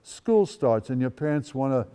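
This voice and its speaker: A man's voice: mid-range voice, animated, moderate pace, dark tone, clear, resonant tone, in a large hall. A man in his eighties, originally from the Netherlands, gives a personal storytelling talk as a guest speaker with wry, dry asides. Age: 80s. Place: school event space.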